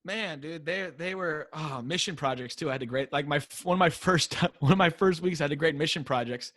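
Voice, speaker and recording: An American man, a high school teacher, telling classroom stories in a casual interview and acting out the kids' voices. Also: fairly quick, no echo. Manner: animated storyteller, acts out kids chanting. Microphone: wearing a mic.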